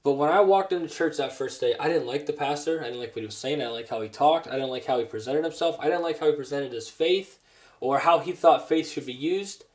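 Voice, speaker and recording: Earnest man preaching a testimony sermon. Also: on the high side. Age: adult. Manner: earnest, halting with many restarts.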